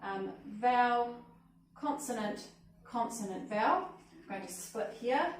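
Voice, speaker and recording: A woman's voice: a little high, expressive, measured pace. A woman leading a hands-on teaching workshop as a literacy trainer, upbeat and often checking in with "okay?" and "cool?". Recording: echoey room, mic at a distance, faint noise.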